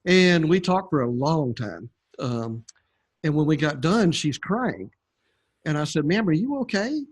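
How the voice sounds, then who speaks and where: A man's voice: on the high side, lively intonation, takes it slowly. An older man, a podcast guest, telling his story in a rambling, conversational way with many fillers. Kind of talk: conversational testimony.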